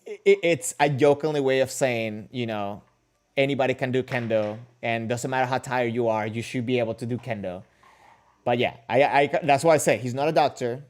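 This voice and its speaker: Guy hosting a chill livestream, mid pitch, rambles and restarts a lot, jokey. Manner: rambling, with frequent restarts and a joking tone. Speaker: kendo livestream host. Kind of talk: casual livestream chat answering viewer comments.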